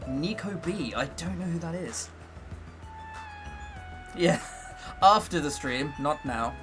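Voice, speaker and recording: English streamer guy, higher voice, bouncy delivery, jokey and chatty. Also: lively intonation, takes it slowly, music in the background. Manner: joking, self-mocking, chatty. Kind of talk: casual livestream commentary.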